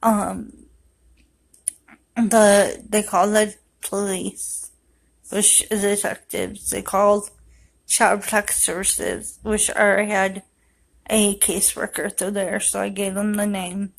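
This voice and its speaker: A grieving mother telling a personal story to camera in a raw, emotional way, sometimes rushing her words. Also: mid-range voice, flat delivery, gravelly, low-quality recording. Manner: raw, emotional retelling, rushed bursts.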